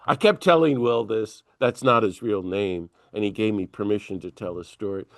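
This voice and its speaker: A man's voice: fairly low pitch, normal speed, no echo. A man, a priest, telling a story as an interview guest and acting out the dialogue with energy. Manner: animated storyteller who acts out dialogue. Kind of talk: conversational storytelling.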